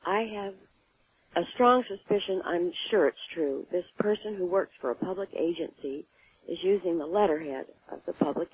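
A woman caller with a very raspy, hoarse morning voice, speaking hesitantly and anxiously. She comes through a thin, dry, phone-like line. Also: lowish voice, no room sound. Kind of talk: call-in question on radio.

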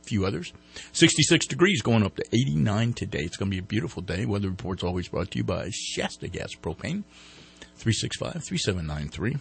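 A man's voice: fairly low pitch, sing-song, brisk, creaky, fairly bright tone, breathy edge. A man hosting a casual morning radio show from a studio, joking around and reading sponsor ads. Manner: jokey, rambling, reads sponsor ads. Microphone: studio microphone.

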